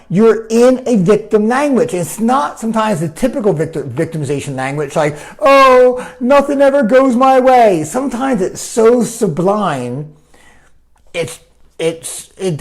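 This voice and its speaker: A man coaching his viewers in a loose, animated talk. His pitch rises and falls a lot as he makes his points. He keeps asking "right?" to check that the listener is with him. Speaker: life coach. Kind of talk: live coaching talk answering viewer comments.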